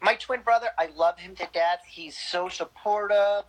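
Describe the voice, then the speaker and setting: A woman's voice: mid-range voice, moderate pace, poor audio. A woman guest in a casual interview, speaking candidly and bluntly with frequent laughs.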